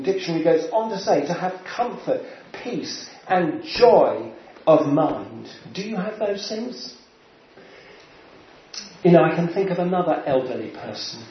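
A man preaching a sermon in an unhurried way, pausing often and clearing his throat between phrases. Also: on the high side. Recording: very echoey, dull church sound with faint hiss.

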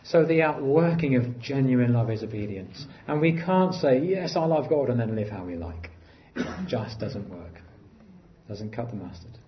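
A man preaching a sermon in an earnest way, rising to emphatic lines and dropping to quiet, low phrases. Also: expressive, moderate pace, highs cut off, a little hiss or hum.

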